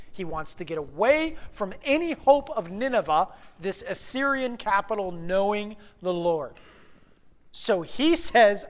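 Preaching man asking the room questions. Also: high-pitched. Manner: conversational preaching with rhetorical questions to the congregation. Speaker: pastor. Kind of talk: sermon.

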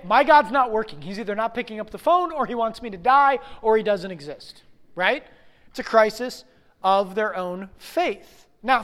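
A man's voice: high-pitched, fairly bright tone. Preaching man asking the room questions. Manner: conversational preaching with rhetorical questions to the congregation. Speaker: pastor. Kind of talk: sermon.

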